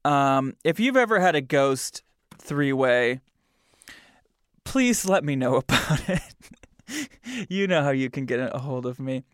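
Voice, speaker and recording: A male podcast host who talks with lively, bouncing pitch and a smooth, clear tone. He sounds amused and easygoing, with plenty of fillers. The sound is dry and close to the mic. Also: a little slow, pauses often, dry recording. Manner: animated, amused, with many fillers. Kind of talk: casual podcast monologue.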